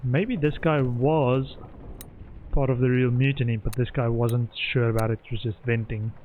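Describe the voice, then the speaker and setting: A man's voice: medium pitch, flat delivery, normal speed, slight background noise. Man puzzling over a mystery game aloud. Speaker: game streamer. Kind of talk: gameplay commentary. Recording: muffled lo-fi sound with faint game music.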